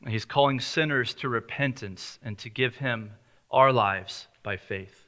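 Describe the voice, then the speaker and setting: A man's voice: mid-range voice, measured pace, bright, forceful tone. A male pastor preaching an earnest, emphatic sermon full of rhetorical questions.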